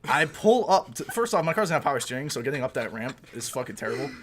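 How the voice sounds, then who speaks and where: A young man co-hosting a podcast, telling a story in a casual, animated way, swearing and laughing as he goes. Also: medium pitch, fast, slight background noise. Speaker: podcast co-host. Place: indoor recording room.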